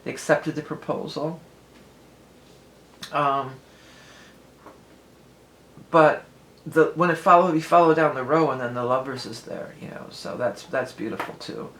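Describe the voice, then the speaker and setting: This talkative woman reads tarot in a rumbling low, fairly bright voice, a little slow and pausing often, wandering off on tangents with frequent light laughter. Poor audio leaves her reverberating in a reflective room with faint hiss beneath.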